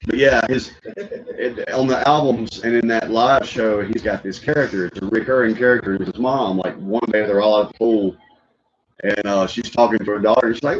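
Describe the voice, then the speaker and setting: A man hosting a reaction stream, chatting casually and telling animated stories with frequent laughter. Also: on the low side, normal speed. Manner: animated storyteller who laughs often and slips into impressions. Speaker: stream host reacting to videos. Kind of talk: casual chat. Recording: muffled lo-fi audio.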